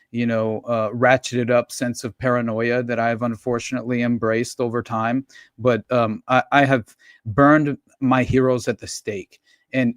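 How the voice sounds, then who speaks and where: A man's voice: medium pitch, no room sound, clean studio sound. A man co-hosting a podcast, rambling and swearing freely in casual chat, laughing often. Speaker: podcast co-host.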